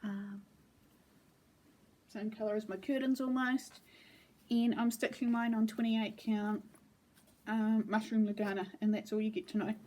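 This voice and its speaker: A woman's voice: mid-range voice, measured pace, pauses often. A woman casually showing her cross-stitch projects at home, rambling with frequent ums. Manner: relaxed, meandering, with frequent ums. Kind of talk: casual show-and-tell chat.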